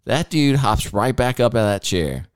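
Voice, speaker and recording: This man hosts a laid-back talk show, spinning lively stories and playing out the voices of the people in them. His voice sits in the mid-range and is smooth, moving at a moderate pace. The recording is clean studio quality with no room sound.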